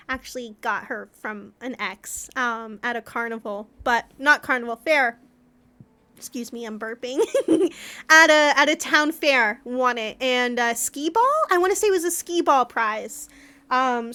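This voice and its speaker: A young adult woman streamer chats casually as she closes out a gaming stream, drifting from topic to topic with plenty of giggles. Her voice sits high and sounds bright and clear. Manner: rambling, chatty, giggly. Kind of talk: casual stream wrap-up chat.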